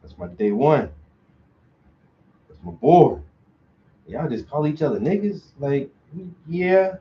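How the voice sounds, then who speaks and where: Slangy joking guy rambling while he paints, voice a bit on the high side, dull lo-fi sound. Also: very animated, takes it slowly, roomy sound. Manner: loose, joking, slangy storyteller. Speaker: painter hosting a long live stream. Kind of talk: casual chat while painting.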